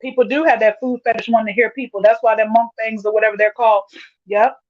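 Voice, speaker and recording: A woman's voice: on the high side, little pitch movement, fast, no echo, narrow, tinny audio. A woman hosting a casual livestream, reading viewer comments aloud and laughing often. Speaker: livestream host reading chat.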